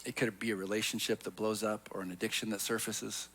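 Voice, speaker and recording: A pastor preaching a sermon tells a personal story in an earnest voice that moves between hushed and emphatic. His voice sits on the low side with a level tone, and he talks fast.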